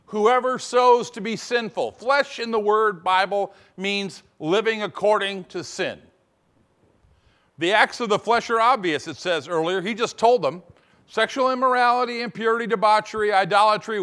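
A male pastor delivers a sermon in a fairly high voice that rises and falls in lively swings. Playful asides alternate with slow, deliberate stress on the key phrases.

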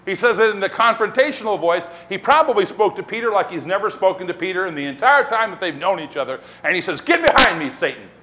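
A man preaching a sermon as pastor, telling the story in an animated way and acting out scenes. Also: high voice, fast, hardly any pauses.

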